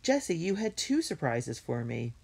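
A woman's voice: sits low, very animated, moderate pace, gravelly, a little mellow, slightly rough, pitched above the performer's own voice, heavily acted. A woman voicing a capable, cheerful older brother in a children's storybook read-aloud.

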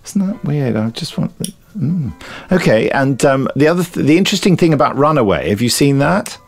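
A man co-hosting a podcast, chatting casually and reading listener emails aloud in a lively, amused way. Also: mid-range voice, brisk, creaky, soft background music. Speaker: podcast co-host.

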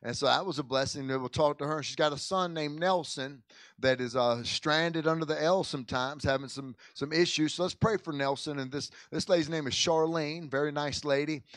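This is informal church talk and prayer from a pastor in the sanctuary, a man whose voice is a little high, brisk and a bit bright, recorded dry. Folksy in manner, he often trips over, repeats and restarts words, dropping "man" and "amen" as he addresses the congregation.

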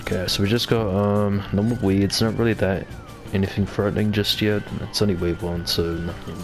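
A man's voice: fairly low pitch, flat delivery, moderate pace, over music. A man giving casual, rambling commentary as he plays a video game, reading on-screen text aloud. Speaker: gamer.

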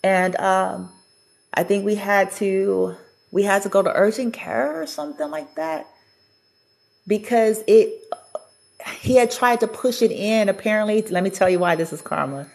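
A woman's voice: mid-range voice, a little slow, creaky, a little mellow. A woman vlogger telling a personal story in a chatty, casual way, often laughing and acting out what people said.

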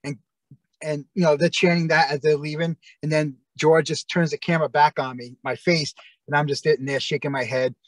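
A man's voice: fairly high pitch, steady tone, brisk, no room sound. A man telling stories in a casual interview, rambling with lots of fillers and restarts. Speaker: interview guest.

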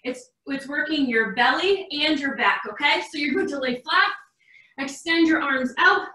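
A woman's voice: high voice, normal speed, pushed and bright, recorded from a distance. A young woman coaching a live online workout class, encouraging and a little out of breath, heard from across an echoey room. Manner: encouraging, upbeat instructions. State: slightly out of breath. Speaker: fitness coach.

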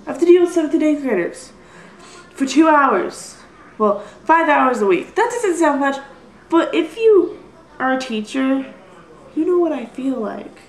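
A woman's voice: high-pitched, lively intonation, a little slow, roomy sound, rough recording. A young woman rambling through a casual vlog, apologizing often and putting herself down. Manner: rambling, apologetic, self-deprecating. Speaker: vlogger. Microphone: built-in computer mic.

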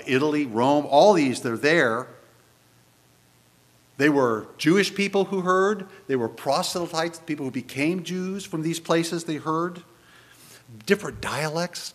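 A man preaching a sermon in church, animated and conversational, posing many rhetorical questions to the congregation. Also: fairly high pitch. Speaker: pastor.

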